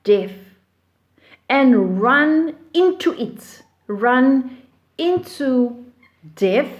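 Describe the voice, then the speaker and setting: A woman's voice: high voice, lively intonation, muffled recording, full character voice. Woman reading a dying Roman general. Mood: solemn dying. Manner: slow, measured verse reading. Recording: roomy echo.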